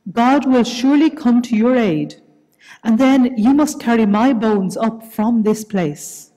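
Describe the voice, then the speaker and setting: A woman reading as a gentle old patriarch. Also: very high-pitched, measured pace. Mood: solemn. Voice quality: gentle, reassuring. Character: forgiving elderly male patriarch, gentle and reassuring. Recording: reverberant church hall.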